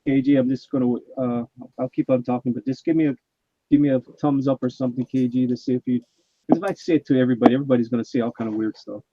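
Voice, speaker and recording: A man's voice: mid-range voice, fairly even intonation, rapid-fire. A man hosting a casual live stream, chatting and reading viewers' chat messages aloud. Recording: muffled, dull mic sound.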